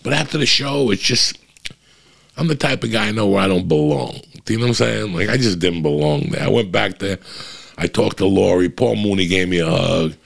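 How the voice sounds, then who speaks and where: A man's voice: deep voice, a little fast, gravelly. A male comedian from New Jersey telling a long, profane anecdote in casual chat, rambling with many restarts.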